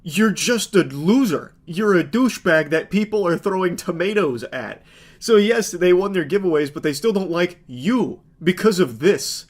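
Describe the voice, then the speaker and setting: A man's voice: sits high, expressive, normal speed. A man giving sarcastic, incredulous comedic commentary on video clips.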